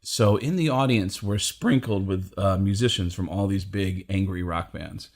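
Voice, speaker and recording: A man's voice: deep voice, moderate pace. A middle-aged man, a guest comedian, telling stories in casual chat and acting out the people he quotes. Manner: animated storyteller, acts out the people he quotes. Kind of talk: casual storytelling.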